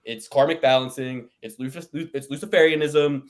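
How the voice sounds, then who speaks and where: A man's voice: medium pitch, steady tone, a little fast. A man co-hosting a podcast, rambling in a casual chat and swearing often as he rants. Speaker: podcast co-host.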